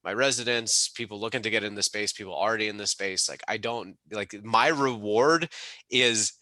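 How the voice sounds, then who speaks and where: A man's voice: on the low side, moderate pace, pushed and bright, no echo. A man being interviewed, telling stories in an enthusiastic, rambling way with many restarts. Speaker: mobile home park operator and mentor. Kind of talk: casual interview storytelling.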